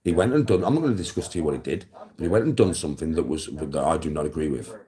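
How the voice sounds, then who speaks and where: His voice is very deep and warm, expressive and fast-talking. The middle-aged Englishman hosts a live stream, firing a blunt, coarse, swearing monologue directly at the viewer, lecturing them and responding to chat.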